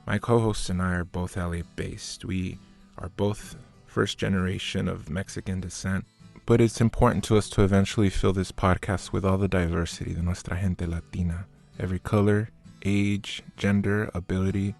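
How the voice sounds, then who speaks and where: A man's voice: sits low, steady tone, moderate pace, gravelly, darkish tone. A man co-hosting a podcast, talking earnestly and candidly with some light joking. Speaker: podcast co-host. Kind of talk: casual podcast introduction. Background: faint guitar music.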